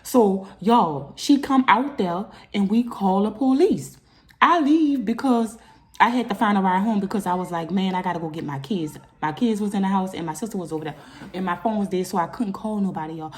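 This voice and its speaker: Talking fairly quickly, a young woman vlogger recounts something personal in a casual storytime video. She's lively, and her voice shoots up into loud, high bursts when she's upset.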